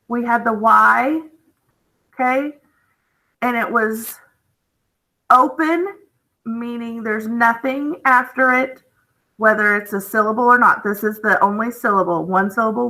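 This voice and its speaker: A woman gives a phonics lesson online, sounding out each letter and word slowly and clearly. Her voice sits a little high and bright, and she keeps checking in with her young students. The pace stays unhurried throughout. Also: low-quality recording. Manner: patient, repeats "okay?" to check understanding. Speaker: teacher.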